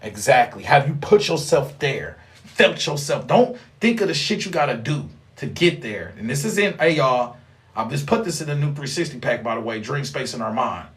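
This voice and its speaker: A young man delivering a rambling, profane spiritual monologue, animated, with sudden loud outbursts. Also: mid-range voice, moderate pace. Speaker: spiritual vlogger.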